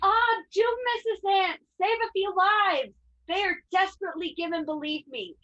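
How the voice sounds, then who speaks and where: Woman doing a squeaky panicky maid, bright voice, kinda muffled call audio. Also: moderate pace. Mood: frantic. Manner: breathless, excitable, shrill alarm. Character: frantic young maidservant. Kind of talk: live online stage acting. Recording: dull lo-fi video call audio.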